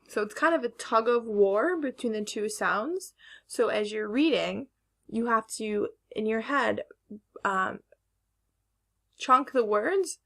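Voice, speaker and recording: A woman teacher giving a recorded phonics lesson to young children, slowly stretching out words to model their sounds. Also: a little high, lively intonation, vocal fry, fairly bright tone. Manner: slow, careful, stretching sounds to model pronunciation.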